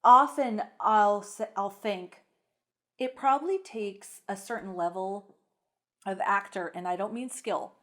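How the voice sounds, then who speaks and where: A middle-aged woman co-hosting a podcast in casual chat, lively and quick to act out lines in voices. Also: medium pitch. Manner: animated, acts out lines from the film in voices. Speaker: podcast co-host.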